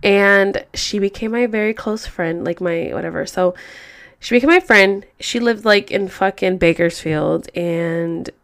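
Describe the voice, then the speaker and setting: A woman's voice: mid-range voice, unhurried, fairly bright tone, clean tone. A woman hosting a podcast, telling a story in a rambling, profane, casual way full of fillers. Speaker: podcast host.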